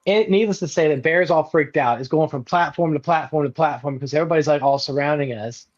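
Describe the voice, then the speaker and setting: A man's voice: quick pace, highs cut off. A man telling a camping story in casual chat, acting out the people he quotes. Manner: animated, acts out quotes with big pitch jumps. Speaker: podcast guest.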